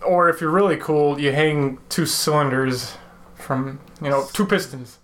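A man's voice: on the high side, measured pace, a bit bright. A man co-hosting a casual beer-tasting chat, joking and rambling, often trailing off mid-sentence. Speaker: podcast co-host.

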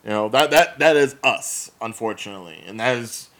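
A young man with a New Jersey accent, chatting casually as a podcast co-host, opinionated and quick to laugh. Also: fairly low pitch. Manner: animated, opinionated, laughs often. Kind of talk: casual chat.

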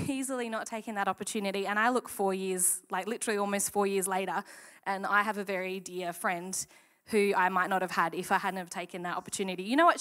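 A woman giving a casual, candid sermon talk at church, acting out quoted lines in a chatty way. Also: medium pitch. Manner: chatty, candid, animated quoting. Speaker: church speaker.

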